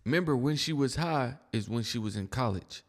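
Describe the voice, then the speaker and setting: A man's voice: medium pitch, lively intonation, fairly quick, in a large hall. A man hosting a reaction video, giving blunt, mocking casual commentary on clips. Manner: blunt, mocking, keeps saying "bro".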